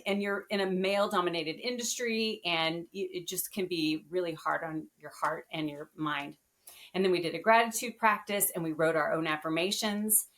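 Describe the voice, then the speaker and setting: A woman guest on a podcast, telling her story in a casual, animated and earnest way. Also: fairly low pitch, normal speed.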